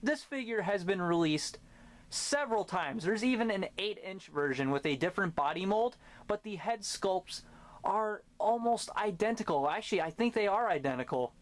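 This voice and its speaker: A man's voice: sits high, expressive, normal speed. Talkative man rambling through a toy review. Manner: talkative, rambling, sarcastic asides. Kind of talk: casual review vlog.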